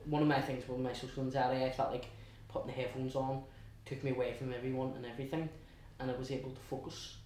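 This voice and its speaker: A young man with a Belfast accent tells his story in a chatty, halting way, often restarting and slipping into quoted asides. His voice sits at an ordinary middle pitch. It is heard from a distance in a very echoey room. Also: level tone, a little mellow, a little hiss or hum. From West Belfast, Northern Ireland. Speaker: guest. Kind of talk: casual storytelling interview.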